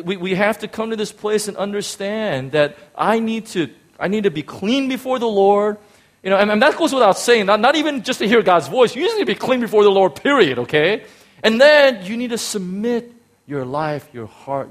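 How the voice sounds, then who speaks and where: A pastor preaching a sermon with emphatic delivery, often repeating words and swinging between loud and quiet phrases. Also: male voice, fairly high pitch. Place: church in Hong Kong.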